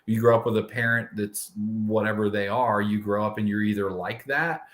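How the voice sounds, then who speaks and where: Middle-aged male co-host, low voice, candid animated storyteller. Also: moderate pace. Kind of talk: casual live-show chat.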